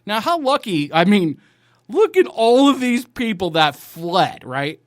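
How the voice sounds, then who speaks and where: A man's voice: high voice, very animated, measured pace, no room sound, studio quality. A man hosting a news commentary show, blunt and profane, ranting over headlines.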